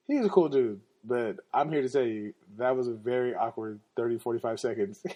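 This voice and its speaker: A man hosting a podcast, telling casual stories in an animated, slangy way and laughing often. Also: fairly low pitch. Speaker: podcast host. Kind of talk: casual storytelling.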